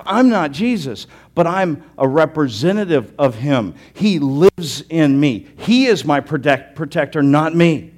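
Earnest male pastor preaching. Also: medium pitch. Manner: earnest, emphatic preaching with restarts and swings between loud and quiet. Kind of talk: sermon.

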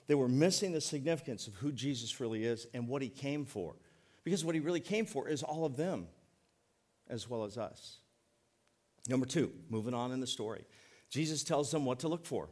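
Middle-aged male pastor, folksy sermon delivery, mid-pitched, slows down to stress key points. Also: expressive, a little mellow. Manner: folksy, joking, emphatic preaching with slowed stresses.

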